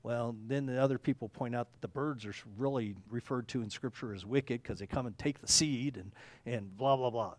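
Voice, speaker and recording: A man's voice: medium pitch, normal speed, hardly any pauses. A man preaching a conversational sermon, rambling and correcting himself, often checking in with "okay?". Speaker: pastor.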